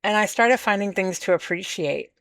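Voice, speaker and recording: A woman hosting a podcast, talking candidly and emotionally about her own feelings in a slow, searching monologue. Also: medium pitch, lively intonation, creaky, a bit bright, no echo. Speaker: podcast host. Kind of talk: personal reflective monologue.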